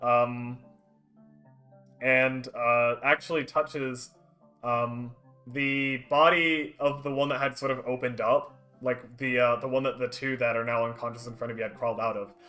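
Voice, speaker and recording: A man running a tabletop game as dungeon master, describing the scene in a halting way full of ums and uhs. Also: medium pitch, steady tone, sharp tone, soft background music. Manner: hesitant, many ums and uhs, laughs often.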